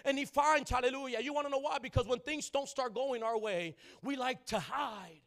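A man preaching a sermon in a church, calling out to the congregation and rising into loud shouting. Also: extremely high pitch, moderate pace. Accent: Southern California. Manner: call-and-response preaching, building to loud shouting. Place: church sanctuary.

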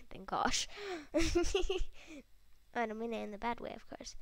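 A woman's voice: on the high side, slow pace, creaky, dry recording. A woman hosting a casual gameplay video, chatting to herself and her viewers with frequent giggles and whispered asides. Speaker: gaming video host.

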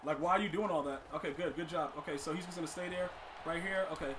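A man streaming a football video game, commenting live and talking to his chat, often exasperated and breaking into loud outbursts. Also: fairly high pitch, fast, noisy background. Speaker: gaming streamer.

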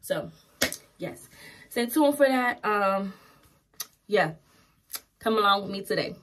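A woman's voice: mid-range voice, lively intonation, takes it slowly, a bit bright. A young adult woman talking casually to her vlog audience about her plans for the day, loose and chatty with plenty of "um" and "y'all". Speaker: vlogger. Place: at home, then out running errands. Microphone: phone or camera held close.

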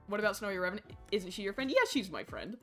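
A woman streaming a survival game live, chatting with viewers and yelling at the game, swinging from low mumbles to shrieks. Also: expressive, quick pace, faint music behind.

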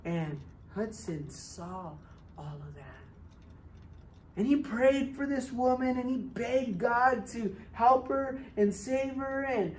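Animated woman telling a kids' story. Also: on the high side, slight background noise. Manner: animated, dramatic shifts in loudness. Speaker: children's storyteller. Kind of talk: storytelling to kids at church.

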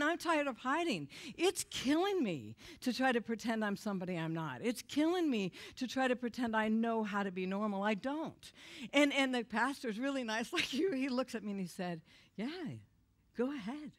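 Woman preacher, middle-aged, confessional, emotional, animated storytelling, church testimony. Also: fairly high pitch, a little fast. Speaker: guest speaker. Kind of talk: testimony sermon.

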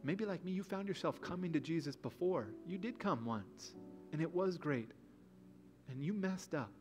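A man's voice: on the high side, expressive, normal speed, over music. A man preaching a sermon as pastor in a church, earnest and building to emphatic passages. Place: church sanctuary.

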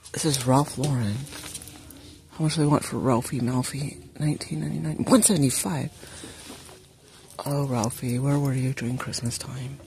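A woman's voice: rumbling low, moderate pace, creaky, darkish tone. Chatty woman vlogging in a busy store. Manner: chatty, addressing viewers directly, reading out prices. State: sniffly from allergies. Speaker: shopping vlogger. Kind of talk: casual shop-with-me chat. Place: large retail store, indoors. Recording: store ambience noise.

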